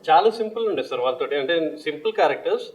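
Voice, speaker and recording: Quick, plain-spoken male director. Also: a little high, expressive, rough recording. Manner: brief, plain answers. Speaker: film director. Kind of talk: casual interview answer.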